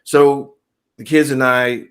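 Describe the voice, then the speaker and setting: A man in his forties hosting a daily reminder, telling a lively motivational story with bursts of mock outrage and laughter. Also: medium pitch, slow, smooth. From United States. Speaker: host of a daily reminder series.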